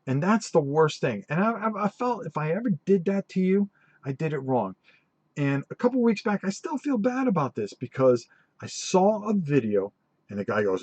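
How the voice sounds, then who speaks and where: A middle-aged man hosting a tabletop gaming channel, telling stories in a rambling, animated way with many restarts during a live-stream chat. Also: on the high side, normal speed, husky, no room sound, dull audio.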